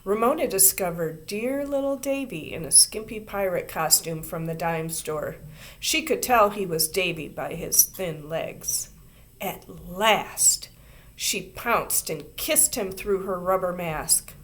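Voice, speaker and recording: A woman reading a children's book aloud in an expressive storytelling way. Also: on the low side, slow pace. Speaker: reader.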